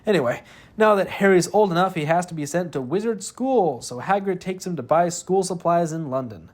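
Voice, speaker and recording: A man's voice: sits high, lively intonation, brisk. Young man with wry gameplay narration. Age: young adult. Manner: wry, joking asides. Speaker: gaming video host. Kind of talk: scripted comedic narration over gameplay.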